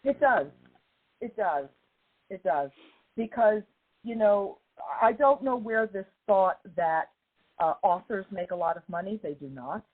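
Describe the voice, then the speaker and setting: Hoarse woman podcast host on a phone line. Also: medium pitch, measured pace. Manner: warm, effusive, emphatic. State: slightly hoarse after illness. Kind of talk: casual chat. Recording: phone-like narrow band.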